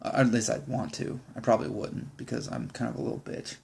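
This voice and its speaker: A man's voice: mid-range voice, steady tone, a little fast, gravelly, a little mellow, a little hiss or hum. A young man, a Marine sergeant, ranting in a vlog with exasperated, profane, rambling talk.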